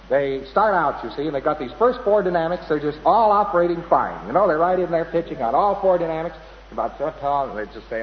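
Man, mid-pitched, digressive lecturer who imitates voices; dull lo-fi hall recording. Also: expressive, brisk, slight background noise. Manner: rambling, anecdotal, mimics voices. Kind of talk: lecture to an audience.

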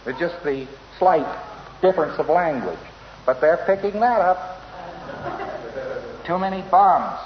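A man lectures in a wry, storytelling manner, often chuckling at his own asides. His voice sits on the higher side. The old, dull lo-fi tape carries long hall reverb and a faint hiss. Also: lively intonation, normal speed. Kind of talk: informal lecture.

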